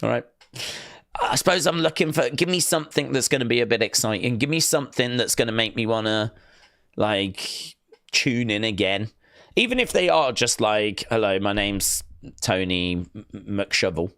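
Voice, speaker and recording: Male streamer, mid-pitched, dry close mic, rambling and reading out chat. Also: expressive, moderate pace, fairly bright tone, no echo. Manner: chatty, reads viewer comments aloud. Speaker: live stream host. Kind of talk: casual watch-along chat.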